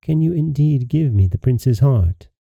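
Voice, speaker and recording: A man's voice: medium pitch, expressive, measured pace, creaky, no echo, narrow, tinny audio. A shy, humble young princess, as a man reads her. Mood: modest.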